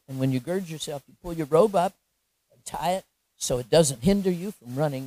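A woman preaching a sermon, telling a story with lively, animated delivery and frequent laughter. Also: sits low, a little fast.

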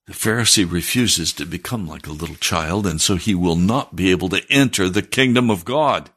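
A man preaches with a breathy, husky voice, reading scripture and then explaining it. His delivery is earnest and often climbs into fervent emphasis. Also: sits low, moderate pace, fairly bright tone. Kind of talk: sermon.

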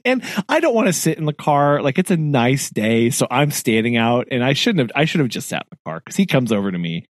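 A man's voice: medium pitch, fairly quick, dry recording, studio quality. A man co-hosting a podcast, telling a story in casual chat, laughing often and acting out the people in it. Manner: animated, laughing often, acts out quoted voices. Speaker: podcast co-host.

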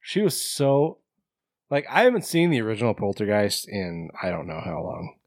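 A man's voice: fairly low pitch, very animated, normal speed, dry recording, clean studio sound. A man co-hosting a podcast, bluntly mocking a bad horror sequel with lots of swearing. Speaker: podcast co-host. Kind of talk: casual movie review chat.

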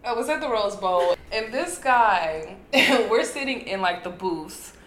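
Woman co-host, thirties, bright voice, laughs through her stories, echoey room. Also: medium pitch, slight background noise. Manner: animated, laughing, drawn-out "like" fillers. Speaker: podcast co-host. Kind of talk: casual chat, storytelling.

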